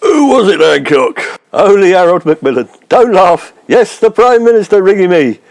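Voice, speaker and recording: A man's voice: sits high, very animated, normal speed, a little mellow, slight background noise. A man playing a gloomy, self-important comedian in a comedy sketch, ranting with indignant bluster.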